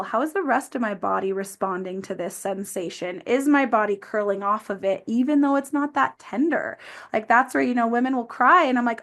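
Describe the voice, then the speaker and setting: Earnest higher-voiced woman therapist. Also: a little fast, fairly bright tone. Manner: earnest, many "um" and "like" fillers. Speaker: pelvic floor physical therapist, podcast guest. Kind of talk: explanatory interview talk.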